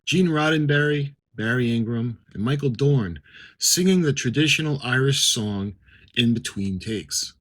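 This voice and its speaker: A man's voice: medium pitch, a little slow, fairly bright tone, low-quality recording. A middle-aged man giving casual unboxing commentary, reading captions aloud and adding chatty asides. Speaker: model-kit unboxing vlogger.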